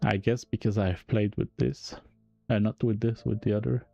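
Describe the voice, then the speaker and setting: A man with a French accent talks slowly through game code on a live stream, halting and correcting himself with small chuckles. His voice is low, mellow and gravelly. The audio sounds dull and lo-fi, with faint music underneath. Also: little pitch movement. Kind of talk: live-stream coding explanation.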